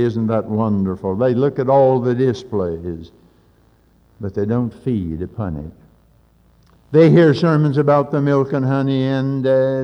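A man preaching a sermon with fervent urgency, building to loud peaks and dropping in folksy asides. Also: medium pitch. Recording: old lo-fi recording in a reverberant hall.

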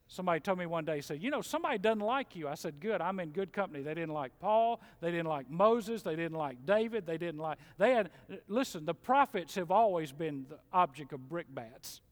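Animated pastor in a reverberant sanctuary. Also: male voice, on the high side, a little fast, few pauses. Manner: animated, folksy, mocks complainers in mimicking voices. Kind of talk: sermon. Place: church sanctuary. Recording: long hall reverb.

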